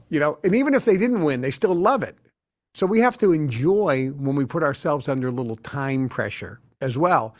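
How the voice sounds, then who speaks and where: A middle-aged man as an interview guest, telling lively anecdotes and acting out the people he quotes. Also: fairly high pitch, moderate pace. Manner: animated storyteller who acts out quotes. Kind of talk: casual interview talk.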